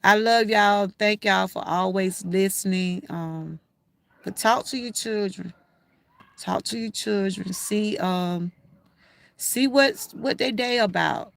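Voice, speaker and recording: A woman's voice: mid-range voice, takes it slowly, vocal fry, fairly bright tone. An older woman with a Southern Georgia accent, hosting a casual livestream and talking straight to her viewers in a folksy way. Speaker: livestream host.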